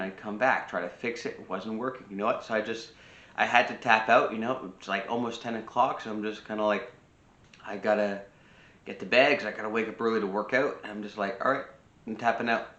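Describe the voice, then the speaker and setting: A man's voice: lowish voice, steady tone, a little fast, sharp tone, roomy sound, highs cut off. A man giving earnest self-improvement advice in a casual monologue, repeating himself and often restarting his sentences. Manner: earnest, repetitive, lecturing with frequent restarts. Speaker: self-improvement video host.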